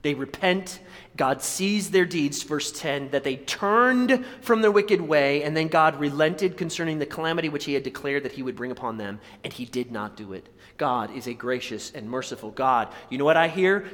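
A male pastor preaching a sermon, animated, jumping from loud exclamations to hushed, near-whispered lines. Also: a little high, normal speed, long reverb tail.

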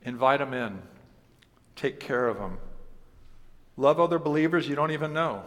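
A man's voice: mid-range voice, animated, normal speed, a bit bright. A male pastor preaching a sermon in a conversational way, asking the congregation questions and mixing in humor. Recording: long reverb of a large hall.

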